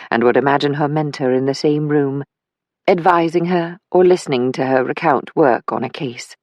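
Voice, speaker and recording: A narrator reads a mystery novel at a measured, even pace. The sound is dry and close, with no room around the voice. The pitch sits in an ordinary middle range. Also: no echo. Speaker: audiobook narrator. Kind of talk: scripted audiobook narration.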